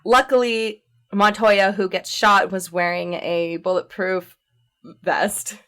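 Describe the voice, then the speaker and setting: Woman, podcast co-host, smooth clear voice, chatty animated recap. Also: mid-range voice, slow pace. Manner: chatty, animated storytelling with frequent fillers and laughs. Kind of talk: casual chat recapping a movie.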